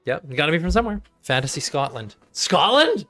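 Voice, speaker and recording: A man's voice: a little high, very animated, fairly quick, sharp tone. A man running a tabletop game as game master, rambling and laughing as he corrects himself.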